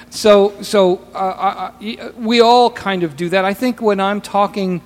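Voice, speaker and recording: A man's voice: sits high, steady tone, unhurried, in a large hall. A man co-hosting a podcast, chatting casually in a profane, rambling way with stammering restarts. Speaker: podcast co-host.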